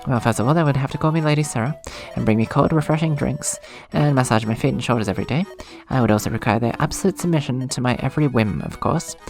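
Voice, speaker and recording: A man's voice: medium pitch, quick pace, hardly any pauses, a little mellow, soft background music, natural voice. A man reading the lines of a vain, bossy young female cleric who demands servants and praise. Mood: demanding. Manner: self-absorbed, demanding. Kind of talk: reading game dialogue aloud.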